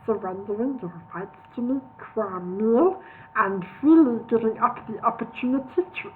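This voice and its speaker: A woman voicing a sulky, self-pitying male cave creature with a froglike look, speaking low and glum, on a tinny phone-like recording. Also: lively intonation, moderate pace, a little hiss or hum, lightly acted. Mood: morose. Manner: morose, self-pitying, peevish.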